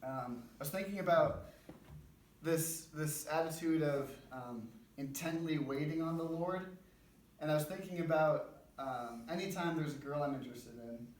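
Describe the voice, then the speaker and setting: A man's voice: fairly high pitch, normal speed, a little mellow. A young man giving an informal, conversational sermon at a church men's breakfast, with a self-deprecating manner. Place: church gathering room. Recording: roomy, distant mic, faint background noise.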